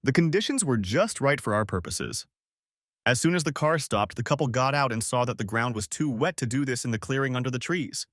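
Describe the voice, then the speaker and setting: Animated male story narrator. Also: medium pitch, brisk, no room sound, studio quality. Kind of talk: first-person story narration.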